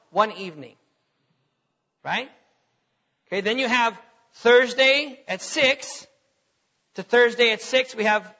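High bright preacher, husky, lo-fi. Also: male voice. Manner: conversational, checks in often with the listeners. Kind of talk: teaching sermon. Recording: dull lo-fi recording.

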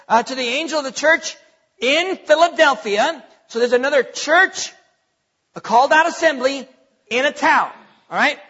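A man's voice: very high-pitched, bright, forceful tone. A man preaching a sermon as pastor, emphatic, repeating his points, with many fillers. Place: church sanctuary. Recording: lo-fi with long hall reverb.

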